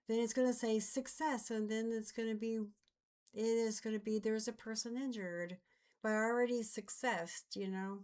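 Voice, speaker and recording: A woman streamer with a light Southern American accent, chatting casually as she thinks aloud and trails off mid-sentence. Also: mid-range voice. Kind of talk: casual live-stream chat while working on a game map.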